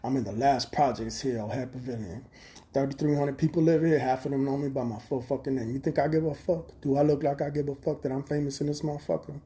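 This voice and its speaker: A man talks straight into his phone on a livestream. His voice is mellow and dark-toned. He rambles bluntly and swears freely in a streetwise way. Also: mid-range voice, fairly even intonation, quick pace. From Chicago. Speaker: livestream host. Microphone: phone camera.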